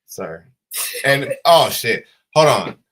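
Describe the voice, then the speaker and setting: Young male co-host, playful and teasing. Lively, bright voice. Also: mid-range voice, slow. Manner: playful teasing, keeps cutting in. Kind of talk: casual chat.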